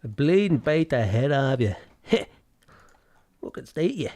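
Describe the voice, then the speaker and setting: A threatening, swearing hard man with a rough Dublin accent, spoiling for a fight, as a streamer puts him on. His talk is slangy and mocking. He is ready to square up to anyone who crosses him. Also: mid-range voice, big pitch swings, unhurried, a little mellow. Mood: menacing.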